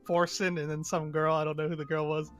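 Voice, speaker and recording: A man's voice: fairly high pitch, flat delivery, fast talker, a bit bright, soft background music. A man co-hosting a casual gaming chat, swearing freely and laughing as he tells stories. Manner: profane, laughing storyteller. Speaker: podcast co-host.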